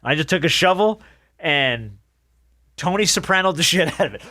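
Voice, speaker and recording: A man hosting a podcast, telling a story in a relaxed, wry way with dry humor. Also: fairly high pitch, unhurried. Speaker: podcast host. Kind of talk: casual chat.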